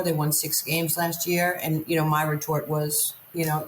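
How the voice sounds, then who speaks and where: A woman's voice: low voice, level tone, fairly quick, hardly any pauses, a little hiss or hum. A woman from Queens, New York, a guest telling her life story candidly and acting out the lines people said to her. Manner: vivid storyteller, acts out quoted lines. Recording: roomy echo.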